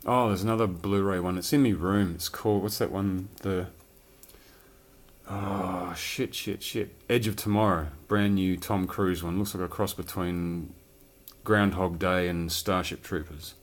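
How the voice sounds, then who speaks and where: Unhurried and fairly even in intonation, a low-pitched man talks about the films he's collected. The chat is casual and wandering, with a curse word dropped here and there.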